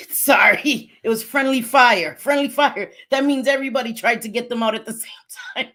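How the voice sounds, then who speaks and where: A woman's voice: a little high, moderate pace, sharp tone. A young woman hosting a casual livestream, chatty and sassy, dropping Spanish phrases and apologizing between rants. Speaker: livestream host.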